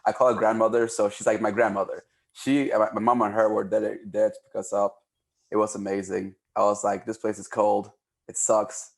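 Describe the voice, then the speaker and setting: A man from Cameroon, a podcast guest telling casual stories in an animated way, often repeating words. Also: lowish voice, brisk, gravelly. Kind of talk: casual storytelling.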